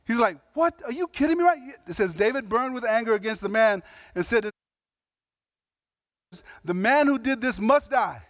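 A man's voice: high voice, normal speed, long pauses, a bit bright, no room sound, studio quality. A man preaching a sermon in a conversational, emphatic way, with slangy asides and voiced quotes. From Samoan heritage. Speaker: pastor.

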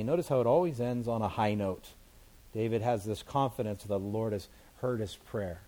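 A man's voice: mid-range voice, normal speed, a little mellow. A man, a pastor, teaching through scripture verse by verse in a conversational sermon, explaining it in plain everyday words.

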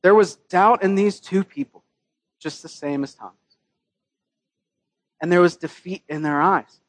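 A man's voice: high voice, measured pace, dry recording. A man preaching a sermon in a casual, joking way, with his own scripture readings mixed in. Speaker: pastor.

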